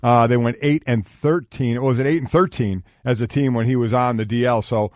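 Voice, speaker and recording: A man's voice: mid-range voice, steady tone, dry recording, studio quality. Sarcastic male sports radio co-host. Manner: sarcastic, halting with fillers.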